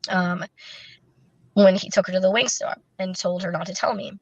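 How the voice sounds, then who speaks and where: A woman speaks as an interview guest, telling a painful story in her own words. Her delivery is candid and halting, full of fillers and restarts. The recording is dry and a little dull, with a lo-fi feel. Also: lowish voice, fairly even intonation, breathy edge, no echo. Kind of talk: recounting a personal story in an interview.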